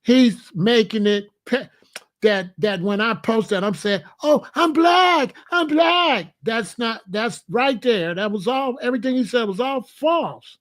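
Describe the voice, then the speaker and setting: A man's voice: high-pitched, measured pace. A man hosting a reaction commentary, arguing his point through repeated rhetorical questions. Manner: argumentative, piling up rhetorical questions. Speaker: commentary host.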